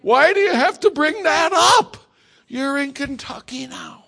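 A pushy small-town church deacon with a high, bright, ringing voice, put on by a man. He talks in a folksy, insistent way, loud and pressing every point. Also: moderate pace, heavily acted.

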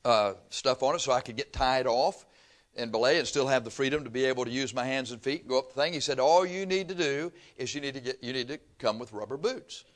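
A man's voice: medium pitch, quick pace. An older man from Texas, preaching a sermon through folksy, humorous stories. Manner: folksy storytelling with laughter.

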